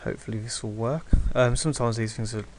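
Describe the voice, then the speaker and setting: A man's voice: mid-range voice, steady tone, quick pace, background noise. A man teaching digital painting step by step, hesitant and reassuring, with many ums. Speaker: art tutor.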